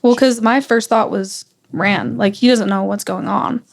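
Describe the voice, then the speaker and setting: Gravelly-voiced young woman retelling, rambling. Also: mid-range voice, unhurried. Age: young adult. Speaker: guest. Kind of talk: casual family conversation.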